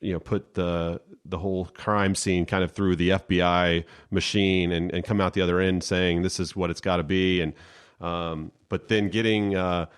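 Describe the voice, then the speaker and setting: Deep-voiced man in relaxed chat. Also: clear, resonant tone. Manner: halting, many fillers and restarts. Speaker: podcast co-host, lawyer. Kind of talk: casual chat.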